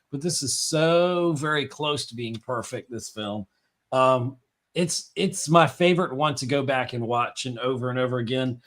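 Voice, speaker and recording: A man on a casual movie podcast panel, enthusiastic and quick with asides. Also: medium pitch, sharp tone. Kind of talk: casual movie review chat.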